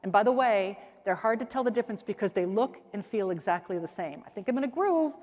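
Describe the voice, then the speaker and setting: A woman's voice: mid-range voice, fast talker. A middle-aged woman from the American Midwest giving a keynote talk on stage, telling stories with energy and acting out the voices of the people in them. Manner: lively storytelling, acts out quoted voices. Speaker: keynote speaker. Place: conference hall stage. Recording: large hall with long reverb.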